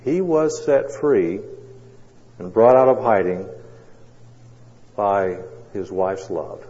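A male pastor delivers a sermon, storytelling dramatically with long pauses. His voice is mellow and relaxed. The recording sounds dull and lo-fi, with a long hall reverb. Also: fairly low pitch.

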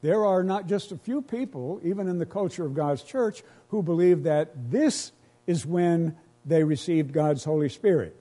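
A man's voice: fairly high pitch, normal speed, dark tone. A pastor preaching a sermon to his congregation, earnest and emotional, repeating phrases as he builds each point.

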